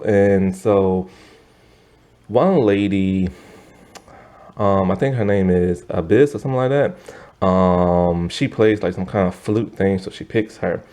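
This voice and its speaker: Animated rambling man reviewing a show. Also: lowish voice. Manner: rambling, heavy use of fillers, animated asides. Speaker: TV review host. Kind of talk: casual recap and review.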